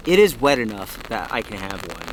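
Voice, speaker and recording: A very animated man with a fairly low voice talks at normal speed to his audience, breathless beneath a tarp in the forest. It's a casual, upbeat camping vlog aimed right at viewers, with heavy rain loudly drumming in the outdoor recording.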